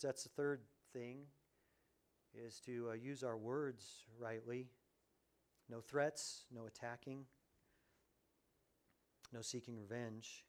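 Man, pastor, mid-pitched, animated sermon with big loud-to-soft swings. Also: takes it slowly, pauses often. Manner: animated, swings from loud to hushed, acts out quoted voices.

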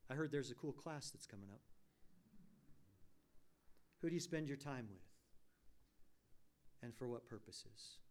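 A man's voice: mid-range voice, expressive, unhurried, long pauses. A man preaching a sermon, posing rhetorical questions and rising to emphatic peaks. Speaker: pastor.

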